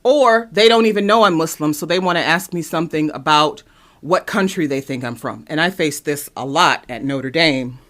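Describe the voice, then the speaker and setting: A young woman from East Cleveland, Ohio, hosting a podcast and telling personal stories in an animated, emphatic way. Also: normal speed. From East Cleveland, Ohio, USA. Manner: animated storytelling, sharp pitch jumps when emphatic. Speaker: podcast host. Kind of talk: personal commentary monologue.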